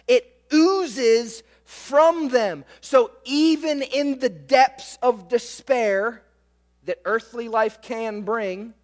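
High-voiced preacher in a reverberant hall. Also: male voice. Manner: emphatic, with frequent rhetorical questions to the listeners. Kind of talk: sermon.

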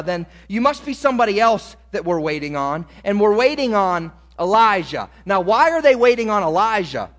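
A man preaches a sermon in a high, lively voice, acting out Bible dialogue with swelling emphasis. His words ring with a long reverb from a large hall.

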